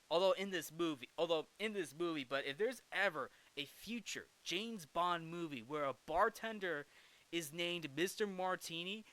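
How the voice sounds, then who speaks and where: A man's voice: a little high, bright, forceful tone. A man hosting a movie review show, giving a casual, rambling film recap with jokey asides and frequent self-corrections.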